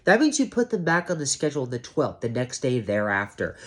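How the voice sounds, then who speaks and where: This security guard, half awake, vents to his camera fairly quickly with hardly any pauses and big swings in pitch. He's emphatic, swears on purpose, and keeps parodying managers in a high, mocking voice.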